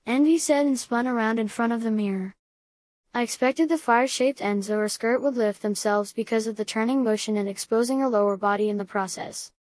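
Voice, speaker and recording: A woman reads a first-person story aloud at a steady, even pace. Her voice sits a little high, and it is recorded close up with no room sound at all. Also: a little fast, dry recording. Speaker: audiobook reader.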